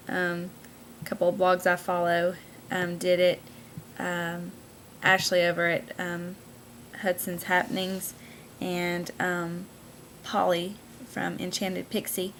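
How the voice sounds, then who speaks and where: A young woman with a Southern US accent, chatting in a casual vlog and reading out a word list, pausing often with "um". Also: lowish voice, fairly bright tone, a little hiss or hum. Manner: hesitant, full of "um" fillers. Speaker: vlogger.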